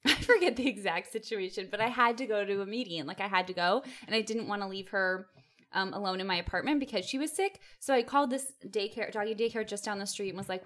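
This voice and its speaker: A woman's voice: medium pitch, fast talker, fairly bright tone. A woman telling funny stories in casual chat, often breaking into laughter as she talks.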